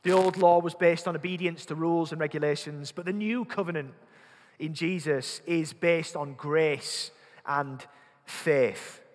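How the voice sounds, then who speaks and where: A man with a Yorkshire accent preaching a sermon, earnest, repeating words as he thinks and putting questions to the congregation. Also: fairly high pitch. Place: church. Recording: long hall reverb.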